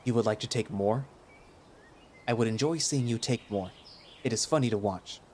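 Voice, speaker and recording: A man's voice: mid-range voice, moderate pace, a little mellow, slight background noise, natural voice. A man voicing a touchy male hound warrior who speaks in short, blunt, oddly worded phrases. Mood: teasing. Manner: brutishly direct, odd clipped phrasing.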